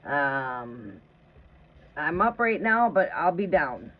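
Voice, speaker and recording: A woman's voice: low-pitched, very animated, slow pace. A woman hosting a tarot live stream from her trailer home, chatting casually and telling rambling, profane stories. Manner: rambling, profane, conversational, often asks "right?". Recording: tinny phone-like audio with faint noise.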